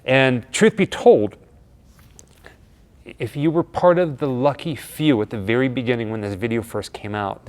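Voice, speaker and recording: A man co-hosting a casual chat, telling a story with lively energy and acting out the lines of the people in it. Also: lowish voice. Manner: animated, acts out quoted dialogue. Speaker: co-host of a horror vlog.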